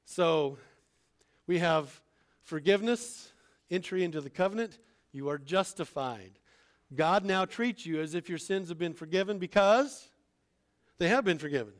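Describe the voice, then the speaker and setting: A man with a slightly high voice gives a Bible lesson in a relaxed, conversational sermon. He asks the listeners questions and acts out the people in the story. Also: moderate pace, long pauses. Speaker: Bible teacher. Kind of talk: informal sermon.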